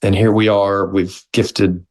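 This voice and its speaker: A middle-aged man with a fairly low voice tells a story in a relaxed interview. He talks animatedly and slips into the voices of the people he quotes. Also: takes it slowly, rough recording. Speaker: guest, movement founder.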